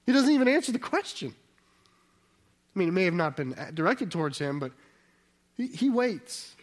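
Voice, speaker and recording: A man's voice: sits high, big pitch swings, normal speed. A man preaching a conversational sermon, often asking his listeners rhetorical questions and restarting his sentences. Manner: restarts and self-corrections mid-sentence.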